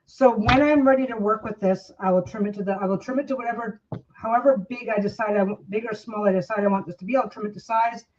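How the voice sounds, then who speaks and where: A woman's voice: medium pitch, fast talker, a little mellow, muffled recording. A woman vlogging while she quilts at home. She chats casually with many restarts and coos at her dogs. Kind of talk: casual chat while crafting.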